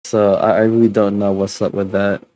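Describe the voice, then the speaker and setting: Winding down his stream, a sleepy, worn-out man chats casually in a dark, fairly low voice with little pitch movement. His talk is halting and rambling, packed with fillers and restarted sentences.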